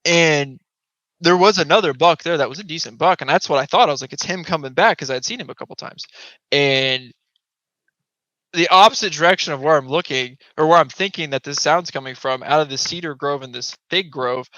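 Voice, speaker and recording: A man's voice: fairly high pitch, a little fast, dry recording. A man, a guest on a podcast, telling a hunting story casually and acting out voices and sounds. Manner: animated, acts out voices and sounds. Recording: dull lo-fi podcast audio.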